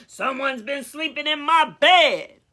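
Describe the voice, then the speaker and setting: A woman voicing a big, gruff father bear in a storybook reading, with a grumbling delivery. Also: sits high, unhurried, bright, forceful tone.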